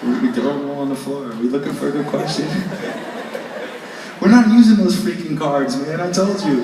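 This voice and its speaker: A man's voice: fairly high pitch, moderate pace, distant mic. A man casually joking with an audience and answering their questions from a stage, loose and rambling with many restarts. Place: concert hall stage with audience. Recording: echoey live hall from afar, loud crowd.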